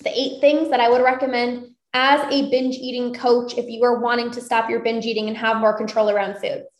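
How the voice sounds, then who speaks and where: A high-voiced woman talks like an upbeat coach, cheering her listeners on and repeating her key lines. She speaks on a live stream from an echoey room. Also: level tone, brisk. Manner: upbeat, encouraging, repeats phrases. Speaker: binge eating coach.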